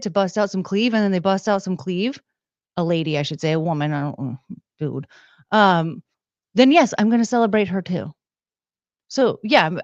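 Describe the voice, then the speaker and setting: A young woman chats playfully on her livestream and reads out viewer donations with a teasing, jokey manner. Her voice sits at a middling pitch. The recording is dry and slightly dull, with no room sound. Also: dry recording. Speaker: livestream host. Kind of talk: casual livestream chat.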